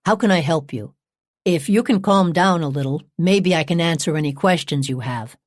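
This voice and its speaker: A patient male detective talks slowly and evenly in a lowered, quiet voice, trying to calm a caller down. A woman narrating the audiobook plays him. The sound is dry and close to the mic. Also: dry recording. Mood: soothing. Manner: steady, soothing.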